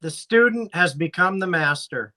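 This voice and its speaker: A man's voice: high voice, animated, normal speed, bright, forceful tone. A man co-hosting a casual fantasy sports podcast, recapping matchups in a dry, teasing announcer manner. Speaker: podcast co-host.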